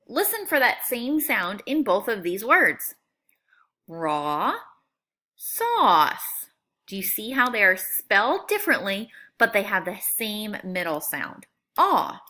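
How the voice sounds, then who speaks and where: A woman teaching a phonics lesson to young students, sounding out words slowly and clearly in a friendly, coaxing way. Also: fairly high pitch, bright, forceful tone. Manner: slow, clear, exaggerated sound-outs.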